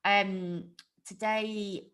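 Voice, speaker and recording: A woman with a northern English accent hosting a casual livestream chat over a video call, chatty and quick to laugh. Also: medium pitch, flat delivery, a bit bright, slight background noise. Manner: chatty, laughs often, restarts sentences. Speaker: host.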